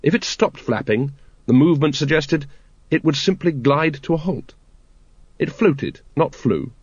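A man's voice: fairly high pitch, animated, measured pace, a little mellow, slightly rough, no echo, dull audio. A man reading a fantasy novel aloud with dry, wry storytelling. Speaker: audiobook narrator. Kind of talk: scripted narration.

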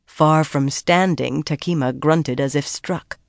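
An audiobook narrator giving steady, measured scripted narration of a fantasy story. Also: medium pitch, creaky, no echo, clean studio sound.

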